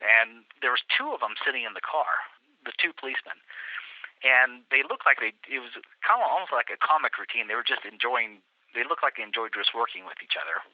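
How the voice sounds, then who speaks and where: A man tells a story in a lively way as a guest on a travel interview, taking on the voices of the people he met. He speaks at a middle pitch. His voice comes through a thin, phone-like line that sounds very dry. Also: fairly quick, dry recording. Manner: animated storyteller, acts out quotes.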